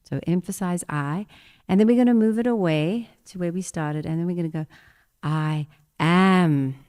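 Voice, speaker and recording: A woman leading a guided meditation and breathwork in a church service, speaking gentle instructions and repeating affirmations. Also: on the low side. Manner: slow, gentle spoken guidance with repeated affirmations.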